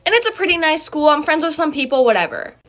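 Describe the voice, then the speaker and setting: A woman's voice: high voice, sing-song, fast talker, a bit bright. A woman telling a school story in a chatty, slangy way. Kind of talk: casual storytime.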